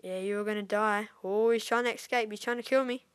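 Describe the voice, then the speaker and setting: A woman giving excitable live gameplay commentary as a YouTuber, squealing at wins and dropping to whispers when tense. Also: mid-range voice, fairly quick, clear, resonant tone. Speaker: gaming YouTuber.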